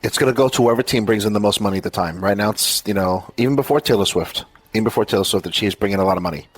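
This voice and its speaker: Deep husky male podcaster, blunt and cussing, dry sound. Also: rapid-fire, no echo. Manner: blunt, swears casually. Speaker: podcast co-host. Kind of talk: casual chat.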